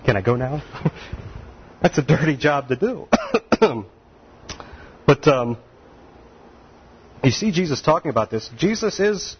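A man's voice: fairly high pitch, big pitch swings, slow pace, pauses often. Male pastor, casual preaching style, playful asides; slightly muffled, faint room noise. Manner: folksy, laughs often, acts out quoted voices. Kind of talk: sermon.

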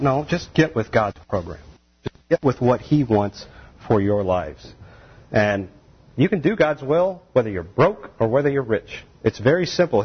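A man preaching a sermon in an animated, conversational way, with asides and laughs. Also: mid-range voice, breathy edge, muffled recording.

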